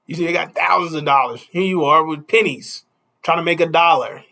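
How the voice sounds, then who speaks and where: Bright-voiced preaching man. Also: on the high side, a little fast, gravelly. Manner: preachy, repeats "you see?", chuckles between points. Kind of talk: street sermon.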